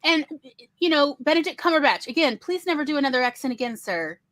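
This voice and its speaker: A woman hosting a casual panel chat, talking in an animated, digressive way. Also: sits high, fast talker, no echo. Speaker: host.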